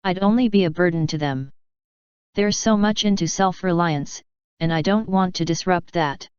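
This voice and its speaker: A woman reading the lines of a kindly, proud older man who gently waves off worry. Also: on the low side, moderate pace, clear, resonant tone, no room sound, lo-fi sound, lightly acted. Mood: gentle. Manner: gentle, brushes off concern.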